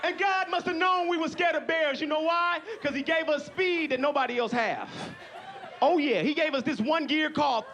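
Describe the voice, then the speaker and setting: A man performing loud, profane stand-up comedy on a club stage, often shouting. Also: very high-pitched, moderate pace, dull audio, a little hiss or hum.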